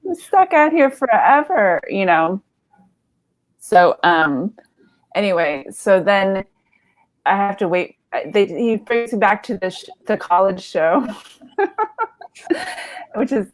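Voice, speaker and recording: A woman's voice: mid-range voice, slow, long pauses. A woman in her thirties telling a comedy story, rambling and self-deprecating with lots of fillers and laughs.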